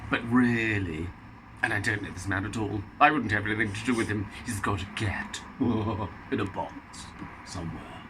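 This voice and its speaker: Jokey man with a low voice. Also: normal speed, noisy background. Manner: playful, jokey banter. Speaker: host. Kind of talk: casual chat on camera.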